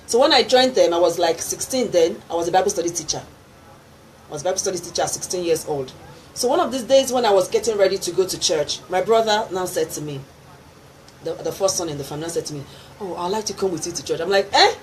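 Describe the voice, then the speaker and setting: Talking fast in a lowish, expressive voice, this middle-aged Nigerian woman, a gospel singer, gives an animated testimony on a radio interview. She laughs and voices the people in her story as she acts out their quotes. The audio is poor, with faint background noise from the studio.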